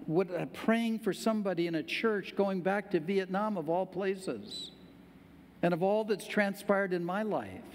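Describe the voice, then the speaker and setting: A man's voice: high voice, long reverb tail. An older man, a pastor, preaching a sermon in a conversational, emphatic way with questions to the congregation. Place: church sanctuary.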